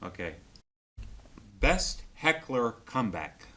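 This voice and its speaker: A man hosting a show, asking brief, low-key questions with soft laughs. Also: very animated, slow pace. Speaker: show host. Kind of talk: casual interview questions.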